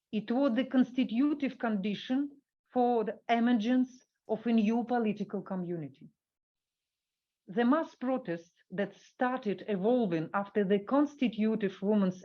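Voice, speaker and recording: A woman giving a workshop talk, reading an academic paper from a script and halting with fillers when she speaks off the cuff. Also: on the high side, highs cut off.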